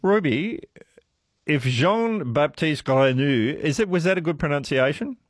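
A male radio host taking calls in a relaxed, joking manner. His voice rises and falls with lively intonation, close and dry as in a studio booth. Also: on the high side, moderate pace, no echo. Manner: friendly, jokey, lively intonation. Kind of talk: late-night radio quiz with callers.

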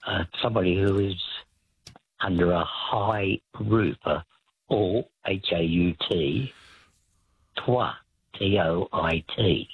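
A man rings in to a radio show over a tinny phone line. His voice is very low and deeply raspy, and he rambles slowly through his explanations with many "uh"s. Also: dry recording. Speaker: caller.

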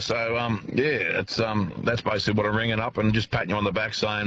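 A man with an Australian accent phoning in to a radio show while driving, halting and repeating his words between fillers. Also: lowish voice, flat delivery, fairly bright tone. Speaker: caller. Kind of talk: phone-in chat from a car. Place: driving in a car. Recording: dull phone line with faint noise.

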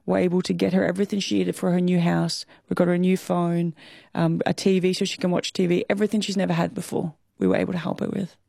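Candid Australian woman with gravelly creak. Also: on the low side, level tone, warm tone, no room sound, clean studio sound. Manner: candid, emotional, quick to laugh. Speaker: guest. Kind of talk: interview conversation.

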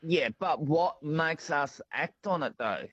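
A man phones in to a radio show and talks in halting bits. His voice comes through a dull, muffled line. There is no room echo on it. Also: fairly high pitch, expressive, fairly bright tone, husky. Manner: hesitant, halting. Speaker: caller. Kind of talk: phone-in call.

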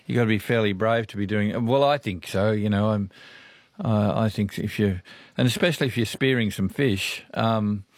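A man's voice: on the low side, moderate pace, no echo. A man with an Australian accent hosting a radio call-in show, chatting in a folksy, friendly way. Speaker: radio host.

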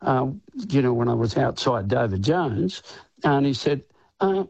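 Husky older Australian man, storytelling. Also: mid-range voice, expressive, measured pace, a little mellow, no room sound. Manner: rambling storyteller, filler-heavy. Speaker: guest musician. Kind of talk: radio interview.

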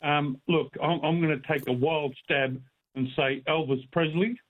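A man's voice: a little high, fairly even intonation, measured pace, phone-quality sound. Joking man calling a radio quiz. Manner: jokey, laughing. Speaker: caller.

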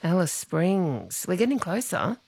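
An Australian woman hosts a radio talkback show, chatty and teasing as she takes calls. Her pitch leaps around with animation, and her voice sits very dry and close to the mic. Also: very animated, unhurried, creaky, darkish tone, breathy edge, no echo. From Queensland, Australia. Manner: chatty, teasing, laughs easily.

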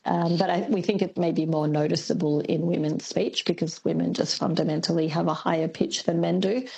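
A woman, a linguist guest on a radio show, explaining carefully with frequent pauses and ums. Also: on the low side, gravelly, a little mellow, breathy edge, poor audio. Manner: thoughtful, explanatory, many ums. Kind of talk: radio interview.

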